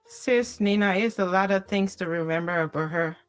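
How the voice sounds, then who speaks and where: A woman calling in to a live stream to share a tearful, heartfelt tribute, speaking in a halting way and holding back tears. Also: medium pitch, faint music behind. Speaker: caller sharing a tribute. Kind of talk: emotional phone-in tribute.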